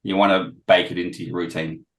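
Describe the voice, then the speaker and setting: Man, low voice, hoarse, throat-clearing, casual video call presentation. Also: little pitch movement, a little fast, rough recording. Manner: frequent throat-clearing, self-deprecating. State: losing his voice, throat-clearing. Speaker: guest trader sharing experience.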